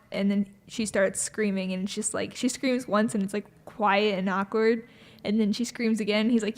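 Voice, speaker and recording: A young woman co-hosting a podcast, retelling a film scene in casual chat and acting out the quoted lines with quick shifts of voice. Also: long reverb tail. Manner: animated storyteller, acts out quoted lines with shifts of pitch. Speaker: podcast co-host.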